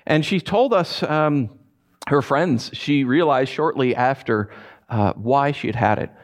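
A man's voice: mid-range voice, unhurried. A man preaching a sermon as a pastor, telling stories and acting out his own frustrated voice. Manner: animated storytelling, acts out his own frustrated voice.

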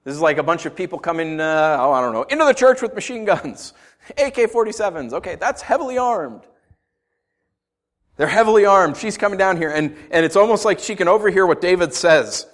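A man preaching a sermon as pastor. He talks in a conversational, joking way and swings from quiet asides to loud emphasis. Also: high voice, expressive, brisk.

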